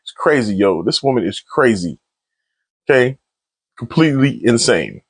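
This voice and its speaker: A man giving a casual spoiler recap of a TV episode in a slangy, animated way. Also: medium pitch, normal speed, breathy edge, no room sound. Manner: slangy, animated, laughs often. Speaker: TV episode reviewer.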